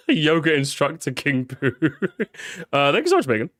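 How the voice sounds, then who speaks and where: A man's voice: a little high, fairly bright tone, dry recording, clean studio sound. A tired man chatting casually on a live stream, repeating words, swearing and reacting to his chat.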